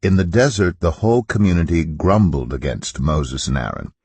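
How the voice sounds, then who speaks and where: A man giving a calm, measured Bible reading in a scripted style. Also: low-pitched, slightly rough, dry recording. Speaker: Bible reader.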